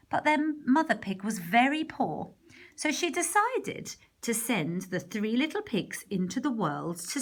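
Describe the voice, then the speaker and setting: A woman narrating a storybook in a soft, partly whispered voice. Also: mid-range voice. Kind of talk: storybook reading.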